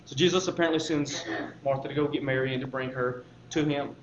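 A man's voice: medium pitch, steady tone, fast, echoey room, muffled recording, slight background noise. A man preaching a sermon as pastor, talking to the congregation conversationally and building to emphatic points.

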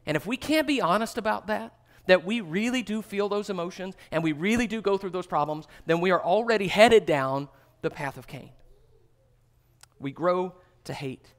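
A man delivers a sermon in a fairly high voice. He talks earnestly to his listeners. For emphasis he sinks to a hushed, soft tone. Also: lively intonation, normal speed. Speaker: pastor.

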